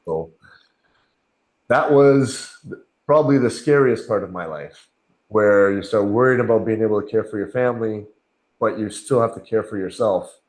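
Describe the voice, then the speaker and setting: A man's voice: lowish voice, normal speed, darkish tone. Candid man in an echoey room. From Canada. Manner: earnest, candid, acts out inner dialogue with quoted voices. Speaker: podcast guest. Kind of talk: conversational interview.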